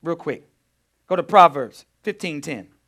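Male pastor, sermon, emphatic, lively pitch, slightly high voice. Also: a little slow. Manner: emphatic preacher, swings from quiet to loud. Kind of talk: preaching a sermon.

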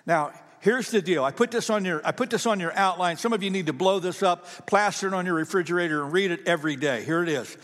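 High-voiced man preaching a sermon. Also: fast, few pauses, in a large hall. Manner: animated, conversational, asks the congregation questions. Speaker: pastor. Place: church.

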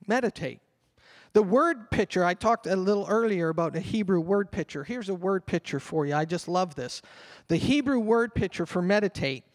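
An older man, a pastor, delivering an animated sermon that drops at times to a murmured prayer. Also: high-pitched, moderate pace. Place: church hall. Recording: long reverb of a church hall.

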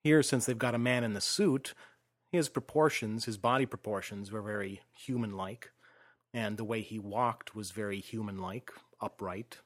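A man hosting a casual film discussion, explaining his views in a measured way and trailing off softly at the ends of phrases. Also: fairly low pitch.

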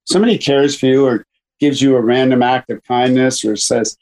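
A man's voice: medium pitch, steady tone, a little fast, darkish tone, rough recording. A man who coaches and manages a baseball team, telling stories in a chatty, rambling way with many restarts on a radio interview.

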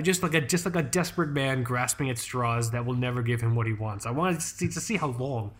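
A man co-hosting a casual podcast, his voice sitting at an ordinary middle pitch. He rambles, restarts his sentences and swears freely. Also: a little fast, few pauses, a bit bright. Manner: rambling, profane, lots of fillers and restarts. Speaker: podcast co-host. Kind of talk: casual chat.

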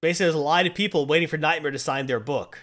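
A man's voice: a little high, rapid-fire, fairly bright tone. A man hosting a casual chat, retelling a comic plot and acting out the quotes as he goes. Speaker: podcast host.

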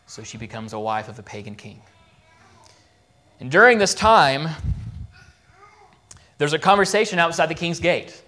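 A man's voice: a little high, animated, normal speed, pauses often, sharp tone. A man preaching in a church, retelling a Bible story casually and acting out the quoted lines. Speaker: pastor. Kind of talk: sermon recap of a Bible story.

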